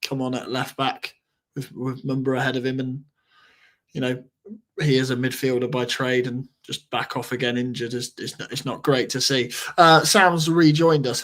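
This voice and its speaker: A man's voice: medium pitch, fairly bright tone. A man hosting a casual podcast, teasing his co-hosts and reading out listener questions. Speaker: podcast host.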